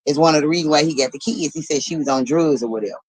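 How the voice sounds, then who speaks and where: A woman hosting a livestream, telling a story in an animated, blunt and profane way and laughing as she talks. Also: low-pitched, rapid-fire, husky, dry recording, poor audio. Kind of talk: casual storytelling.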